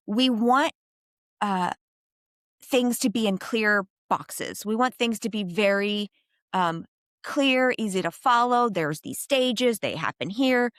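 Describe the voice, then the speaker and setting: A woman geropsychologist answering interview questions in a thoughtful, animated way, with frequent fillers. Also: medium pitch, slow pace, dry recording, studio quality. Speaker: geropsychologist guest.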